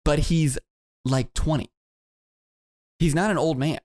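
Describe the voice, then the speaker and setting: On a podcast, a male co-host tells a long, winding story, animated and loose, often jumping into a high voice to quote people. His pace is measured, and the recording is close and dry with no room sound.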